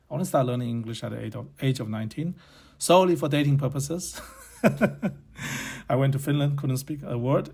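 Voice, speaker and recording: This podcast host's voice is medium-pitched, gravelly and darkish, and his first language is Chinese. In a casual opinion monologue he muses aloud bluntly, voicing strong opinions while rambling and self-correcting.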